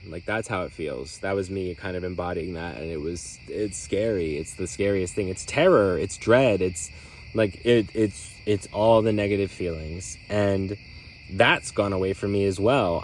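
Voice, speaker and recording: A podcast host speaks candidly in a low voice, rambling reflectively on his own with lots of filler words. The recording is rough, with a little hiss or hum.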